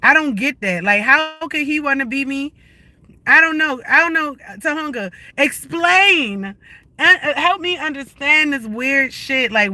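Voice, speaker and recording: A man's voice: very high voice, bright, forceful tone, dry recording. A man ranting on a phone livestream, confrontational and profane, firing the same questions again and again. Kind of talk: heated livestream rant.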